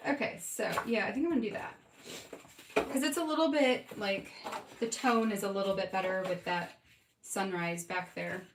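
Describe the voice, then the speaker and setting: A woman's voice: mid-range voice, moderate pace, background noise. Chatty woman crafting live, roomy sound. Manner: chatty, giggly, talks to viewers by name. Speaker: scrapbooking livestream host. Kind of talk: casual live crafting chat. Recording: roomy, from a distance.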